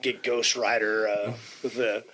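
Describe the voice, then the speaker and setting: A man's voice: fairly low pitch, level tone, measured pace, sharp tone, rough recording. A man co-hosting a casual movie podcast, mostly giving short agreeing replies and the odd dry aside. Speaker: podcast co-host. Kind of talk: casual movie commentary chat.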